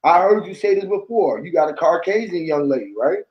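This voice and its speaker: Male storyteller, high voice, slangy and animated, plays out every quote in casual talk. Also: brisk, lo-fi sound.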